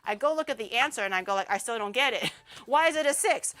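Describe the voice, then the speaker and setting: Bright-voiced young woman streamer. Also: high voice, quick pace, faint music behind. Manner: animated, rambling, laughs often. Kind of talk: casual storytelling chat.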